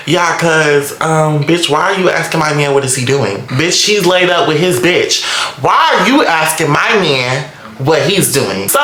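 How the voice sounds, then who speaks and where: A young man telling a story in a vlog, animated and dramatic, with lots of cursing. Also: on the high side, a little slow, a little hiss or hum. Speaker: vlogger. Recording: echoey room.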